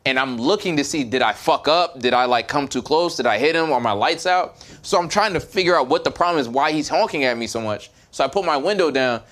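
A man's voice: medium pitch, animated, fairly quick, few pauses, a bit bright. Hesitant, thoughtful podcast co-host man. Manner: reflective, hesitant storytelling with many fillers. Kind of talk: casual chat.

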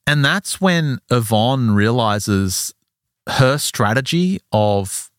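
A man's voice: medium pitch, clean tone, no room sound, clean studio sound. A man co-hosting a podcast, retelling a story in casual chat and acting out short quotes. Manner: animated retelling with quick acted quotes. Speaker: podcast co-host telling a story.

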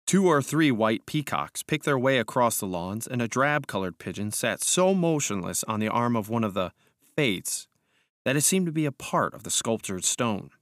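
A man narrating an audiobook in a measured, calm, steady way. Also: on the low side, no echo, studio quality. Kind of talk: scripted narration.

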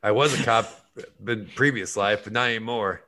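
A man's voice: lowish voice, moderate pace, pushed and bright. A man voicing a cocaine-addicted male police dog in an improvised comedy sketch, frantic and whiny. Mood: rambling.

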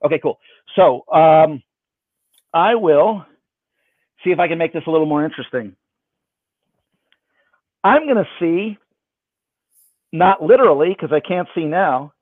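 A man's voice: a little high, lively intonation, measured pace, pauses often, no room sound. A man performing magic for someone over a video call, with playful, self-mocking patter. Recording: dry, phone-like band.

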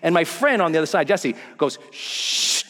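A man's voice: on the high side, quick pace, big-room sound, crowd noise. A man telling a personal story as a motivational speaker on stage, acting out the scenes. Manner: animated, acts out scenes and voices. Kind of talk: storytelling keynote talk.

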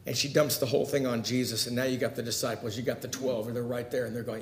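A man preaching a sermon, putting direct questions to his listeners and swinging between loud emphasis and hushed, quiet lines. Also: medium pitch, level tone, quick pace, reverberant, slight background noise.

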